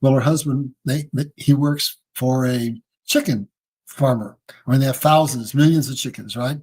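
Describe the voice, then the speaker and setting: Husky man explaining things folksily. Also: mid-range voice, moderate pace, a little mellow. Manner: folksy, emphatic, addresses listeners as folks. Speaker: guest. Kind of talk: casual explanatory interview talk.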